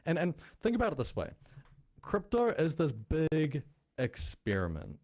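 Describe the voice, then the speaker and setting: A man's voice: fairly high pitch, huge pitch swings, a little slow, a little mellow. A man hosting a crypto show, explaining in a blunt, chatty way with a noticeable non-American accent. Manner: blunt, chatty, thinking aloud. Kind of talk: casual explainer talk.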